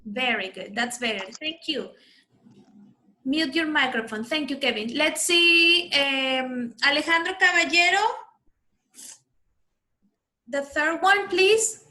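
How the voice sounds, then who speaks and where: An English teacher with a high, bright voice leads an online class for children over a video call on her computer microphone. She speaks slowly with long pauses, patiently coaching each pupil's pronunciation.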